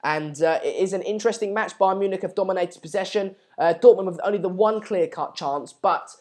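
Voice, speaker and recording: A man's voice: high voice, brisk, darkish tone. A young man hosting a casual live stream, reading out viewer comments in a hesitant, rambling way with many fillers.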